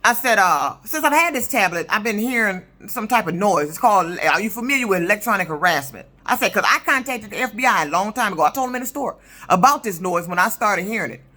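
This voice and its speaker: A woman's voice: mid-range voice, animated, quick pace, pushed and bright. A woman in her fifties, a truck driver, telling a story in an indignant, profane, emphatic rant for her vlog. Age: 50s.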